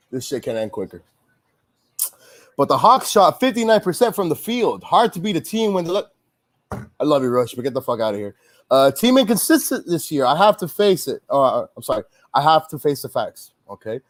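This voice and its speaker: Male sports host, fed up, rambling rant, slightly high voice. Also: sing-song, brisk. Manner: frustrated, swearing, rambling with restarts. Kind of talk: casual pregame-style sports chat, venting.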